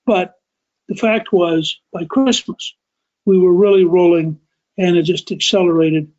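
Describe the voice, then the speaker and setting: A man with a high voice tells a history story as a podcast host, talking to listeners in an emphatic, conversational way. The audio sounds dull and lo-fi. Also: a little mellow.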